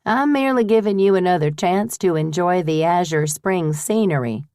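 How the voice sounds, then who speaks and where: A woman voicing a shrewd older woman who runs a boarding house, brisk, firm and teasing. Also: lowish voice, expressive, a little mellow, dry recording, studio quality, natural voice. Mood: playful.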